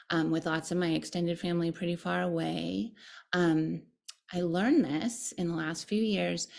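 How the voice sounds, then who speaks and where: A woman's voice: fairly low pitch, vocal fry. A woman meditation teacher, a guest on an interview podcast, speaking in a thoughtful, earnest way. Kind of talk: conversational interview.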